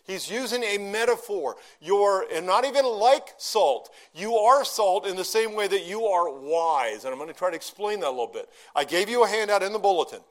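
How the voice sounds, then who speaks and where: A middle-aged man preaching a sermon in a conversational teaching manner, asking the congregation questions and slowing down to stress key phrases. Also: sits high, lively intonation. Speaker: pastor.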